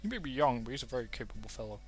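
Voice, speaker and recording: A man's voice: medium pitch, very animated, very fast, soft background music, lightly acted. A man reading as an old British grandfather. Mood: reminiscing. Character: old grandfather, village elder.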